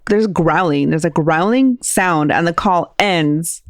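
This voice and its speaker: A woman co-hosting a podcast casually retells a creepy radio call, translating its quotes as she goes. Her voice is on the low side and slow, captured in a dry, clean studio recording.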